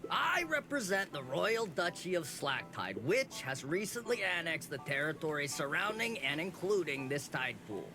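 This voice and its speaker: A man's voice: on the high side, big pitch swings, moderate pace, few pauses. An actor playing a curt, officious male crab tax collector in a video game. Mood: officious, impatient. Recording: game audio with loud music.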